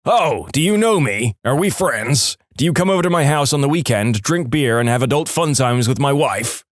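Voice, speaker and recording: A man's voice: medium pitch, animated, moderate pace, no room sound, clean studio sound, close to an everyday voice. A man voicing a furious male drill sergeant who screams sarcastic questions. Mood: mocking furious.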